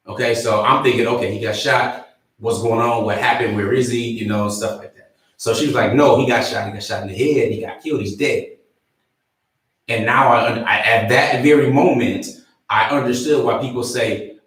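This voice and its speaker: A man working as a relationship coach, giving an earnest motivational livestream talk and telling personal stories. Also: mid-range voice. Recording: very echoey room, voice from far off the mic.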